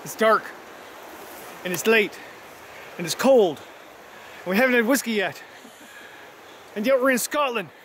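A man with a strikingly high, lively voice jokes and playfully complains on a trip. Faint outdoor noise sits behind him. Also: measured pace, long pauses. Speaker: vlog host. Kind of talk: casual chat on a trip.

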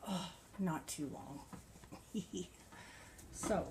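A woman's voice: on the low side, extremely slow, background noise. A woman vlogger chatting casually about her crochet projects and yarn, gushing and laughing often. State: a bit out of breath. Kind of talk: casual show-and-tell chat.

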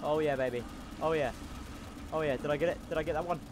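Brief: slightly high male gamer, loud, silly, repeats himself, noisy gunfire behind. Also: steady tone, fast talker. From not American. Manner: loud, goofy, shouting repeated battle cries. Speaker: gameplay commentator. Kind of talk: casual gameplay commentary. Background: game gunfire and engine noise.

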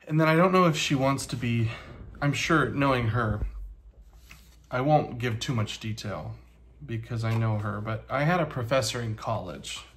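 Man, thirties, casual vlog talk, hesitant, lots of ums, sincere, faint background noise. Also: medium pitch. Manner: halting, soft-spoken, many ums and pauses; earnest and grateful. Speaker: vlogger and teacher.

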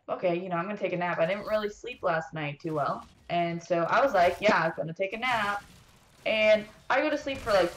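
A young woman telling a rambling, swear-heavy story while playing a video game, venting in an animated way. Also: on the low side. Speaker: gaming streamer. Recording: roomy echo, faint background noise.

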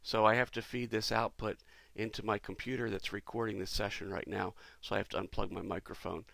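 A man, a company president, talking through a product demo in a relaxed, explanatory way with frequent pauses. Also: fairly low pitch, creaky, no echo. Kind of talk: casual product demo walkthrough.

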